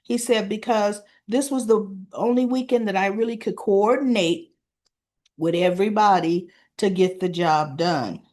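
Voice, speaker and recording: A woman's voice: medium pitch, measured pace, a little mellow. A woman casually recapping a soap opera episode, chatty, retelling scenes with quoted lines and asking "right?" as she goes.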